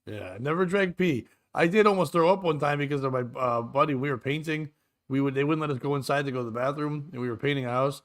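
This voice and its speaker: A man with a somewhat high voice hosts a loose comedy chat show. He rambles through stories, stumbling and restarting as he goes. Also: fast talker. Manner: rambling, stammering storyteller. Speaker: podcast host.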